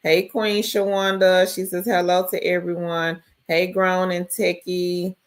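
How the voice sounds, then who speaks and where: Woman doing a chill live stream, lowish voice, unhurried, shouting out everybody in the chat by name. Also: level tone. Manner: greets viewers by name and reads chat aloud. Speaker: livestream host.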